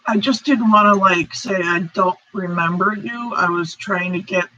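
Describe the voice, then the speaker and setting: A woman's voice: medium pitch, normal speed, pushed and bright. A woman hosting a casual crochet live stream, rambling apologetically and reading out chat comments. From United States. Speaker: crochet channel host. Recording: dull lo-fi stream audio.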